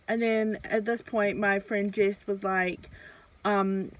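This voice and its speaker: A woman's voice: medium pitch, little pitch movement, unhurried, poor audio. A young woman, casually telling a storytime while eating, with lots of fillers. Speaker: vlogger. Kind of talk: storytime mukbang vlog.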